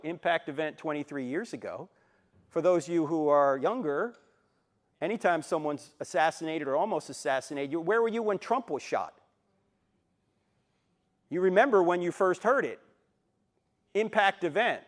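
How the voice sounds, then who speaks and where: Animated man in his sixties lecturing. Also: high voice. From New Jersey, USA. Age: 60s. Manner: animated storyteller, acts out quotes and jokes. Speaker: Christian apologetics speaker. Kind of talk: live lecture to an audience. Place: university auditorium with a live audience.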